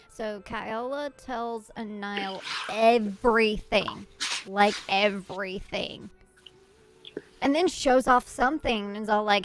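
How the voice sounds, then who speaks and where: Giggly, unhurried woman recapping a game. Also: medium pitch, fairly even intonation, music in the background. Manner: chatty, giggly, self-interrupting.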